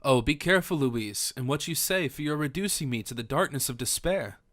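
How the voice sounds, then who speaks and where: A man's voice: mid-range voice, animated, a little fast, fairly bright tone, no echo, studio quality, natural voice. A man voicing a passionate young king in an audiobook, vowing and commanding in formal old-fashioned speech. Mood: impassioned. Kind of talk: audiobook character reading.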